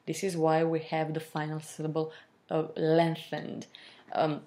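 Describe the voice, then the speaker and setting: A woman teaching a French lesson, explaining slowly with fillers and modelling pronunciation. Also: sits low, flat delivery, mellow. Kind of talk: language lesson.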